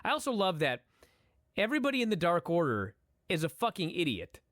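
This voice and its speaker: A man's voice: high-pitched, brisk, dry recording, clean studio sound. A man co-hosting a podcast in casual chat, swearing freely and giving blunt opinions. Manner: profane, opinionated, animated. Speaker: podcast co-host. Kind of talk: casual chat, wrestling review.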